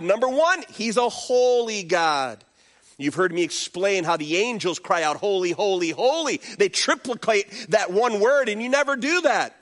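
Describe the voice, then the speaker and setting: A male pastor preaching a sermon, calling on the congregation to respond and acting out little voices as he goes. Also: high-pitched. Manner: animated preaching with call-and-response and acted-out voices.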